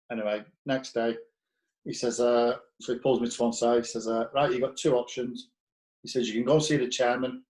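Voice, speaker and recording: A man of ordinary middle pitch, a former footballer, spins anecdotes in a blunt, profane manner. He acts out the dialogue of the people in his stories as he goes. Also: poor audio. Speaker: former footballer, podcast guest. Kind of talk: casual anecdotal storytelling.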